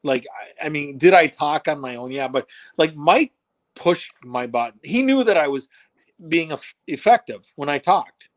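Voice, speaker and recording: As a podcast guest, a man tells a long, rambling story casually, acting out quoted dialogue with lots of restarts and swearing. His voice is on the high side, animated, and at normal speed.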